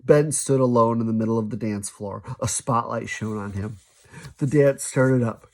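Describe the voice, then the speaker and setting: A man reading a children's novel aloud, lively, now and then stumbling and restarting a sentence. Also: mid-range voice, moderate pace. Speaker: storybook reader.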